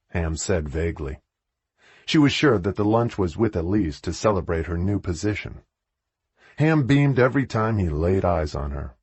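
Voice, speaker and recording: A man narrating an audiobook in a low, husky voice with a lively, rising and falling delivery. He reads in a measured way, and the recording is dry and close with no room sound. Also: dry recording.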